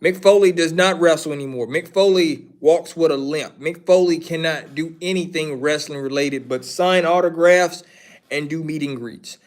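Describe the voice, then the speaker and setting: A man with a voice on the high side, speaking at a moderate pace, hosts a casual wrestling commentary livestream. He answers chat questions in a rambling, opinionated way, repeating his points.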